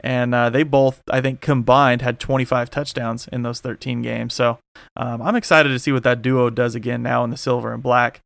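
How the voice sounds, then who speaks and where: A man's voice: medium pitch, level tone, normal speed, gravelly, a bit bright, dry recording. A man hosting a casual sports podcast, talking loosely with lots of fillers and restarts. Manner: rambling, many fillers. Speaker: podcast host.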